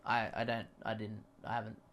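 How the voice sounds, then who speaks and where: A man delivering a rambling, deadpan comedy monologue full of deliberate restarts. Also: fairly low pitch. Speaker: comedy creator.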